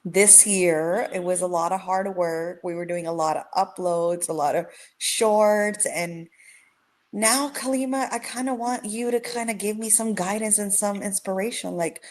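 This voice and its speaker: A woman's voice: mid-range voice, measured pace. Woman hosting a friendly chat. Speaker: interview host. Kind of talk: casual chat.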